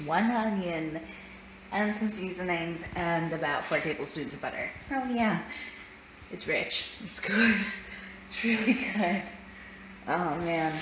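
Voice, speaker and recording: A woman chatting casually as a family vlogger at home, chatty and quick to laugh. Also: lowish voice. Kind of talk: casual daily vlog chat. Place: at home, indoors. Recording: roomy echo with clear background noise.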